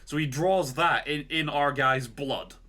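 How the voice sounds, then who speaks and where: A man's voice: fairly high pitch, a little slow, pushed and bright. A man co-hosting a podcast, retelling a story in a casual, rambling way with lots of "like" and "right?". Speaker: podcast co-host.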